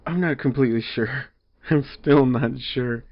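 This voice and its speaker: A man's voice: medium pitch, a little slow. Rambling exasperated man, lo-fi. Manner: rambling, exasperated, lots of fillers. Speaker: movie reviewer. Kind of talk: casual rambling review. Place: home room. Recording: slightly dull lo-fi audio.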